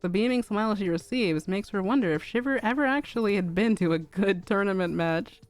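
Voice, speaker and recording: A young woman streamer narrating a fanfic aloud in a calm, even reading. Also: mid-range voice, a little fast, faint music behind.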